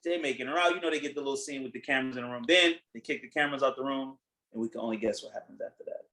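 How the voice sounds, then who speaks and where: A man hosting a podcast in casual chat, retelling a reality show in a blunt, animated way, acting out what people said and swearing freely. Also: medium pitch, very fast, rough recording. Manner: animated storytelling, acting out quotes. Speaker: podcast host.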